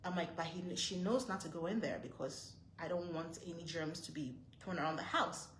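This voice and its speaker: A woman's voice: fairly low pitch, normal speed, fairly bright tone, echoey room, a little hiss or hum, rough recording. A woman in her thirties, a mother vlogging to her viewers, retelling a frightening moment in a tense, breathless way with lots of repeated phrases. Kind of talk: storytelling to camera.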